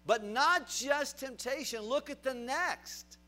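A male pastor preaching a sermon, swinging between loud emphatic bursts and quiet drops, asking the congregation questions as he goes. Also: very high voice, takes it slowly, soft background music.

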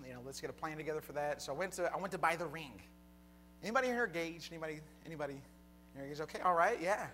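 A young man preaching a sermon, telling a personal story that builds to a fervent, shouted close. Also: a little high, slight background noise. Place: church hall with congregation.

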